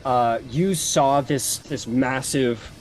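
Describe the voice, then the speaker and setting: A man's voice: medium pitch, takes it slowly. A man narrating a tabletop game as game master, in a loose, casual style full of fillers. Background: faint background music.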